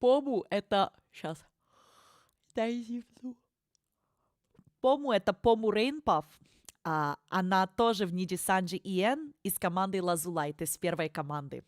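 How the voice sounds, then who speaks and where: A woman's voice: mid-range voice, animated, moderate pace, dry recording, clean studio sound. A woman streamer hosting a watchalong in casual livestream chat, playful and affectionate, calling her viewers honey.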